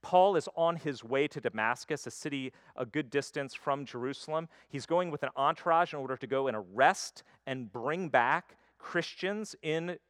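A man preaching a sermon, swinging between loud emphasis and quiet, intimate stretches. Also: a little high, lively intonation, normal speed, few pauses, no room sound, clean studio sound. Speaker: pastor.

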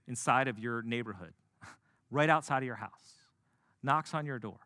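A man preaching a sermon who tells a story in an animated way and adds casual asides. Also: mid-range voice, dry recording. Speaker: pastor.

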